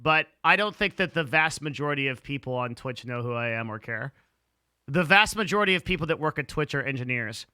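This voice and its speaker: A man's voice: mid-range voice, expressive, brisk, pushed and bright, clear, resonant tone, no echo, clean studio sound. A man chatting casually on a live stream, blunt and profane, rambling with lots of "like" and restarts. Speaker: livestreamer answering chat.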